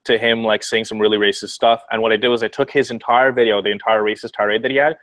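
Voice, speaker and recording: A man with a lowish voice talks fast as a guest over a video call. His delivery is casual and profane, and he keeps restarting sentences. The sound is dry and close. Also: flat delivery, a bit bright, no echo, poor audio. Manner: rambling, profane, frequent restarts. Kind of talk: casual chat.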